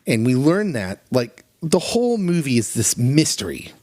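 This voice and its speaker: Man co-hosting a podcast, animated and emotional, mid pitch, dry close sound. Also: normal speed, no room sound. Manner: animated, emotional, acts out quotes in raised voice. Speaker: podcast co-host. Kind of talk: casual chat, retelling movie scenes.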